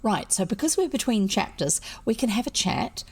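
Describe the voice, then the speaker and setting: A woman's voice: a little high, big pitch swings, normal speed, darkish tone, slightly rough. A woman with a New Zealand accent who reads storybooks aloud, chatting casually and at a rambling pace between chapters while she snacks. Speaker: storybook reader.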